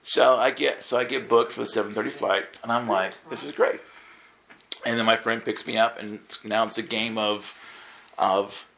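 A man's voice: moderate pace, vocal fry, a little hiss or hum. A man preaching in a casual storytelling way, acting out the dialogue with sudden jumps in his voice. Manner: animated storytelling, acts out dialogue with jumps in pitch. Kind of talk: storytelling sermon.

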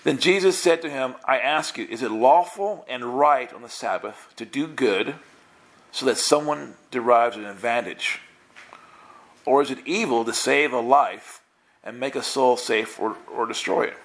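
A man's voice: medium pitch, fairly bright tone. Playful man teaching the Bible. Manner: playful, acts out characters in quick voices.

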